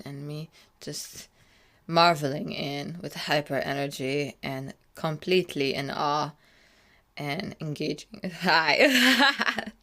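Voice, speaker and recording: Giggly rambling woman, low slow voice. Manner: giggly, rambling, frequent bursts of laughter; drifts between loud excited and quiet murmured asides. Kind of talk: casual vlog commentary over her own night video.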